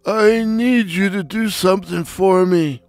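A man voicing a dying, wheezing, resentful old male street tough in a spoken story, pitched above his own narrating voice. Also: takes it slowly, faint music behind. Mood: pleading. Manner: wheezing, wheedling.

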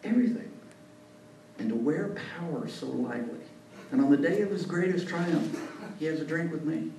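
A man quoting an older male House speaker in a low, subdued, deferential voice while telling a story. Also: normal speed, vocal fry, darkish tone, a little hiss or hum. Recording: echoey room, voice far off.

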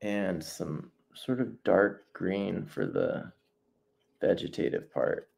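A man with a low, creaky voice speaks slowly as he teaches nature journaling in a casual live painting demo. He thinks aloud, breaks off and restarts his sentences, and keeps a friendly, encouraging tone as he invites viewers to sketch along.

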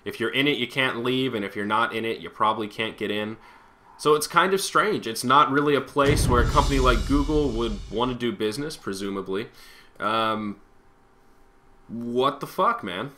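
A man's voice: mid-range voice, normal speed, bright, forceful tone. A young man co-hosting a casual online show, rambling in a laid-back way with lots of fillers while he plays a game. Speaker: podcast co-host. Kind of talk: casual chat while gaming.

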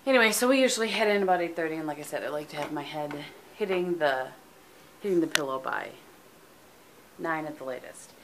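Tired middle-aged woman vlogging at home, lots of ums, slightly low voice, faint hiss on the camera mic. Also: brisk. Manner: chatty, rambling, frequent ums. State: tired, sleepy. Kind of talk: casual vlog chat.

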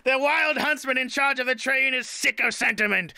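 A man with a very high, strikingly bright voice and a gravelly edge spins a grandiose, playful tall tale as a live-stream host. His delivery is theatrical, and the sound is close and dry. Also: normal speed, few pauses, no room sound. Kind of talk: improvised comedic storytelling on a live stream.

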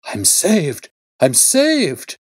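A man's voice: fairly low pitch, normal speed, no echo, studio quality, close to an everyday voice. A man voicing an anguished middle-aged male banker who pleads and exclaims in distress. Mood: overjoyed.

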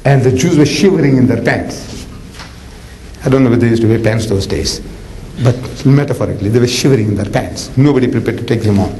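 A man preaching a lecture, animated and jokey, telling stories with acted-out voices. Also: mid-range voice, fast talker, a little hiss or hum, rough recording. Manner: animated, jokey, acts out characters. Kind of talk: lecture with dramatic storytelling.

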